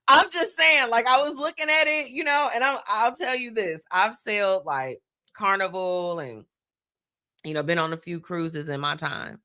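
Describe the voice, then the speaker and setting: A woman's voice: fairly low pitch, lively intonation, moderate pace, bright, forceful tone, no echo, studio quality. A woman hosting a live stream, talking casually and animatedly to viewers, laughing often. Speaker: host.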